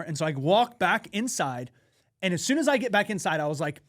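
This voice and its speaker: Animated, swearing male podcast storyteller. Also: high-pitched, fast talker. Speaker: podcast co-host. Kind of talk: casual podcast chat.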